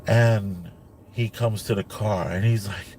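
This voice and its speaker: A man's low-leaning, creaky, slightly mellow voice moves slowly with fairly even intonation, over slight background noise. He's a father in a car telling a family story casually, rambling, repeating himself and full of "like" and "you know."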